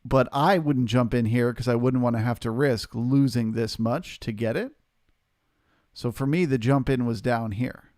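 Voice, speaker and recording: A man hosting a live trading stream, calmly explaining his reasoning and answering questions from the chat. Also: mid-range voice, measured pace, dry recording, studio quality. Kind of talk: live market commentary.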